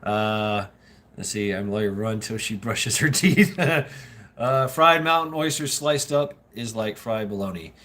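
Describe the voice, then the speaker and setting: A man's voice: on the low side, lively intonation, measured pace, fairly bright tone. A Southern man hosting a livestream, talking casually in a rambling, profane way with lots of laughter. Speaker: livestream host.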